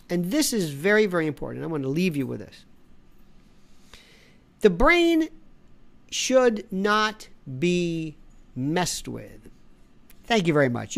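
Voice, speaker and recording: Middle-aged woman host, opinionated monologue, sarcastic, lively swooping pitch. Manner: sarcastic, animated, mocking indignant voices. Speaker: podcast host.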